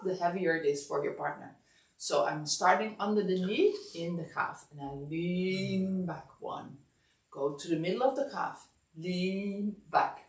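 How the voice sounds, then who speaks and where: Woman instructor, drowsy and calm, low gravelly voice, recorded from afar in an echoey studio. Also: distant mic. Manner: calm step-by-step guidance, counting aloud. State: sleepy, yawning. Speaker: massage teacher. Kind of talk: instructional class demonstration. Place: massage studio.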